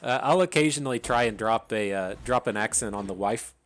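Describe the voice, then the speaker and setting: A man's voice: lowish voice, brisk, a bit bright. A man hosting his gaming channel, thinking aloud in chatty, casual commentary and laughing at his own tangents.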